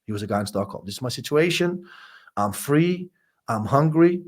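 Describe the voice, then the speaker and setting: Brief: male life coach as a podcast guest, raw and emotional, mid-pitched, swears a lot, stumbles and repeats words. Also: animated, normal speed, breathy edge. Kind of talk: candid interview storytelling.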